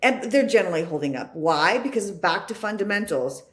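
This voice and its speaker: A woman's voice: mid-range voice, expressive, brisk. A woman, a guest on a casual podcast, reacting emphatically and summing up points. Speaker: podcast guest, real estate professional.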